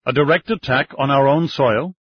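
A man's voice: medium pitch, moderate pace, slightly rough, dry recording, voice pushed up, lightly acted. A man voicing a normally passive official who asks bewildered questions, on slightly dull, muffled audio. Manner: puzzled, questioning.

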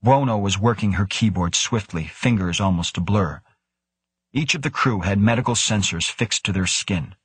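A male audiobook narrator reads in a steady, measured way, with a low and slightly husky voice. The recording is dry and close, with no room sound. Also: no room sound. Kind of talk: scripted narration.

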